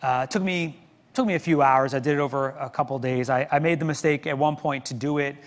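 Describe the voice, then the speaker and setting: A man's voice: a little high, steady tone, fast talker, long reverb tail. A middle-aged man preaching a sermon as pastor, telling a story with self-deprecating humor. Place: church sanctuary.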